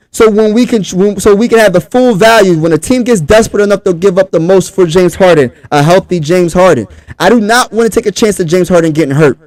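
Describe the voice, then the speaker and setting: Philly-male sports streamer, hyped, pitched high, dry sound. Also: no room sound. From Pennsylvania. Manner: hyped, talks straight to the chat. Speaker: sports talk host. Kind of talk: casual livestream sports talk.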